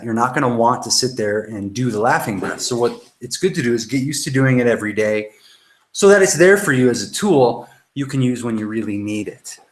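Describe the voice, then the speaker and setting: A man coaching a self-help workshop, talking loosely and swearing freely as he demonstrates exercises to camera. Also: mid-range voice. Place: indoor room. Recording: roomy echo, faint noise.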